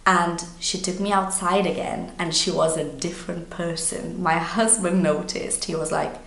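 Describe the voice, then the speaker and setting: A woman English teacher from Brazil, telling a personal story to learners in an animated, expressive way. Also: fairly low pitch, normal speed, creaky, hardly any pauses. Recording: echoey room.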